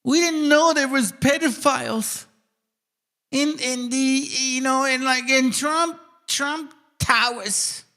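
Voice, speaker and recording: A man's voice: very high-pitched, slow, bright, forceful tone, pitched above the performer's own voice, exaggerated voice. A man voicing a naive, clueless man in a whining, stammering, mock-innocent tone.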